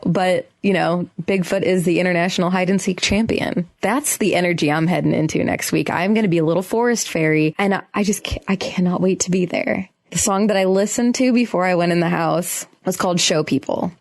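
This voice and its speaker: A young woman hosting a solo podcast, talking in a casual, earnest and emotional way, often restarting her sentences, in a quiet room. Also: fairly low pitch. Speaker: podcast host.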